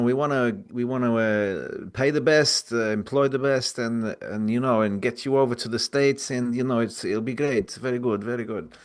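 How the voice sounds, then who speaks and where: A slick, over-eager recruiter, as a man puts him on in a prank call. He talks a touch higher than his usual voice, selling hard and stumbling through fillers in a salesy patter. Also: clean tone, lightly acted. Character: smooth-talking male talent recruiter, eager.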